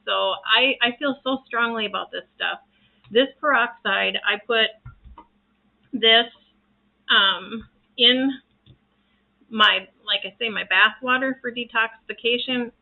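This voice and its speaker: A woman's voice: medium pitch, gravelly. An earnest woman chats casually to her viewers, rambling and restarting her sentences as she goes. Her voice sits in a middling register. The recording is thin and tinny, like a phone line. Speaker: reiki practitioner sharing home remedies. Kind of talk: casual talk to camera.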